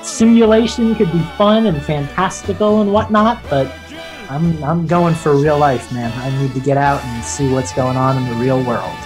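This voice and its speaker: A man's voice: a little high, over music. A man co-hosting a podcast in casual, upbeat, joking chat. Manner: upbeat, jokey, quick to laugh. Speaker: podcast co-host.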